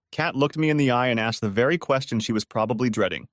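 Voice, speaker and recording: A man's voice: mid-range voice, fast, few pauses, no echo, studio quality. A man narrating a first-person audiobook story in a cold, scornful tone.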